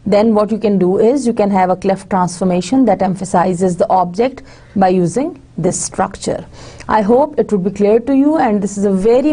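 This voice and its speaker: A woman delivers a recorded university lecture. Her voice is mellow and dark in tone. She walks through each example patiently, pausing on fillers and restarting phrases as she goes. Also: medium pitch. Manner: explains step by step with frequent fillers and restarts, slips into Hindi-Urdu asides.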